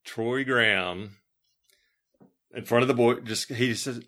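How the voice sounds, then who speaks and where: A bright, forceful male voice carries this middle-aged podcast host as he tells a story. He keeps stumbling over his words, restarting and laughing as he goes, in a loose, casual interview style. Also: medium pitch, slow.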